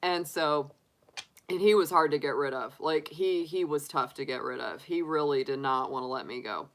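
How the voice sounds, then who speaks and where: This middle-aged tarot reader chats casually on her livestream, often laughing and peppering her speech with likes and restarts. She speaks at normal speed in a low-pitched voice.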